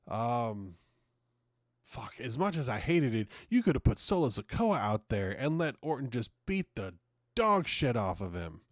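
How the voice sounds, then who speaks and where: In a studio-quality recording with no room sound, a mid-range male voice hosts his own podcast. He rants casually in an opinion monologue, swearing often out of exasperation.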